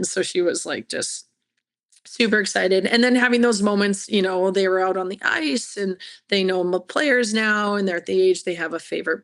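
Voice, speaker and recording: A woman college hockey coach, talking candidly and telling stories in an interview. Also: mid-range voice. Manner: chatty, storytelling.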